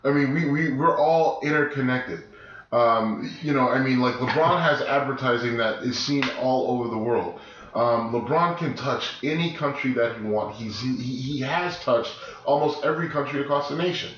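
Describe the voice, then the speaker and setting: A man co-hosting a podcast in casual chat, sick with his voice deeper than usual, talking emphatically in rambling restarts. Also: moderate pace, a bit bright. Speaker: podcast co-host. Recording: echoey room, dull lo-fi sound, faint noise.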